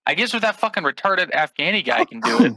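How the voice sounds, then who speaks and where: A man's voice: high-pitched, animated, fast talker, gravelly, a loud crowd. A man joking casually in a podcast conversation.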